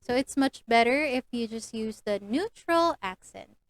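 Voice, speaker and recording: A woman's voice: fairly high pitch, expressive, measured pace, no echo, poor audio. A young Filipino woman with a Filipino accent, chatting through a casual tutorial vlog, mixing English and Tagalog and acting out lesson lines. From Philippines.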